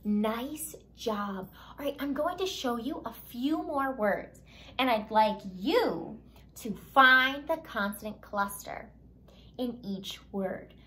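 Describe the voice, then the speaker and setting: A woman leads a phonics lesson for small children, stretching each letter sound out with care. Her voice sits a little high and rings bright and crisp. She moves at an unhurried, deliberate pace, with upbeat encouragement between the sounds. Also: expressive. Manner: slow, exaggerated sounding out of letters. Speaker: teacher.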